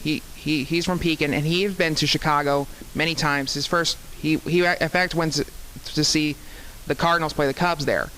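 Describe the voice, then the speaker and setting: A man's voice: a little high, steady tone, moderate pace, few pauses, bright, forceful tone, slight background noise, low-quality recording. A man, a student actor, chatting casually in an interview, rambling with many restarts.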